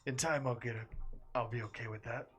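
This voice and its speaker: A masked fighter hunting for his brother, played by a man at a tabletop game. He speaks in a measured, hesitant way at a middling pitch. Faint music sits in the background. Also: steady tone, lightly acted. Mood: earnest. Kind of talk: tabletop role-play in character.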